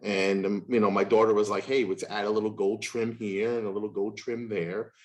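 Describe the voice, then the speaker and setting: A man in his fifties, a podcast host, telling stories in casual chat and acting out the voices of people he quotes. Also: a little fast. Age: 50s. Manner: animated, acts out quoted voices with big pitch jumps.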